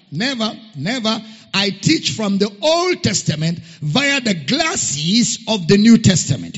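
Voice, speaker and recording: A pastor preaching a sermon, emphatic and repetitive, sometimes singing words. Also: male voice, extremely high pitch, a bit bright, breathy edge. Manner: emphatic, repeats key phrases, sings some words. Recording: dull lo-fi recording in a reverberant hall.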